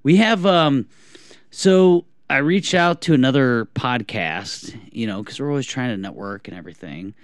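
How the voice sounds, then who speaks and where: Rambling young man, lively pitch. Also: moderate pace, no echo, studio quality. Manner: rambling, self-deprecating, clears throat often. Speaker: podcast co-host. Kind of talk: casual chat.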